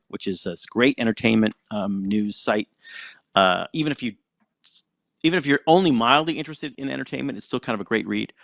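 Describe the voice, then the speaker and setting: A middle-aged American man, a TV writer and producer, telling anecdotes as a podcast guest in a chatty, animated way. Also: on the low side, creaky, no echo. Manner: chatty, animated, acts out quoted voices. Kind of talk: anecdotal storytelling in an interview.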